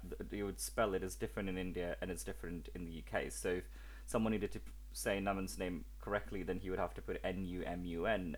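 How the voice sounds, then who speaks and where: A man with a very low voice talks as a podcast guest. His delivery is animated, with exasperated asides. He chats casually and at length.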